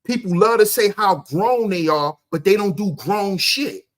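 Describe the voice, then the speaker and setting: A man hosting a livestream, ranting loudly and crudely at his chat, firing off rhetorical questions and answering them himself. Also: high voice, expressive, a little slow. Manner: loud, confrontational, profane, often shouting. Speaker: livestream host. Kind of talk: ranting commentary to live chat.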